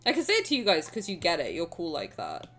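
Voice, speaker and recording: A young woman streamer chatting casually with her viewers, playful and rambling, with sudden loud bursts. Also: lowish voice, huge pitch swings, quick pace. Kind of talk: casual chat with live chat.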